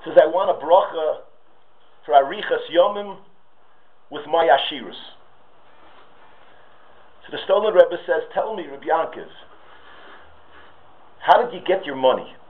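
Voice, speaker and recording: A man delivers a sermon in a fairly high voice, moving from quiet storytelling to impassioned pleas. The sound is thin and tinny, as if heard over a phone line. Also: lively intonation, measured pace, long pauses. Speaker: rabbi giving a talk. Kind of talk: sermon with stories.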